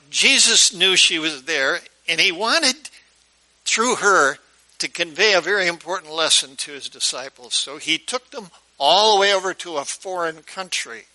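A man's voice: sits high, a little slow, sharp tone, rough recording. A male pastor preaching a sermon in a conversational storytelling way, often putting questions to his listeners.

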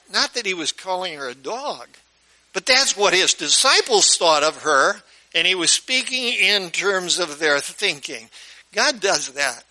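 A man's voice: high voice, sharp tone, rough recording. A male pastor preaching a sermon in a conversational storytelling way, often putting questions to his listeners.

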